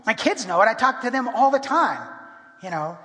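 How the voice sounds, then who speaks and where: A man's voice: extremely high pitch, big pitch swings, moderate pace, bright, forceful tone. A middle-aged man preaching a sermon as pastor in a church, speaking with emphasis and often restarting and repeating his words. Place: church sanctuary. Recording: long hall reverb.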